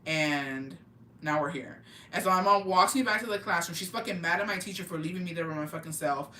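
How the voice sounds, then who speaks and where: A young woman telling a story in an animated, profane, slang-filled way for a vlog, in an echoey room. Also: fairly low pitch, rapid-fire, slight background noise. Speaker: vlogger. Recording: echoey room, mic at a distance, faint ambience.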